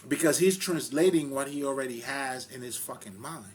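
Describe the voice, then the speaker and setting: A man giving a casual spiritual talk, rambling and profane, full of fillers and loud laughs between points. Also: medium pitch, normal speed, noisy background. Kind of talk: casual spoken monologue.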